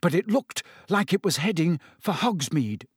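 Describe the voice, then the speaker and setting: A man's voice: sits high, very animated, moderate pace, slightly rough, dry recording, studio quality, voice pushed up, heavily acted. A man voicing a brave teenage schoolboy wizard, speaking tensely and urgently.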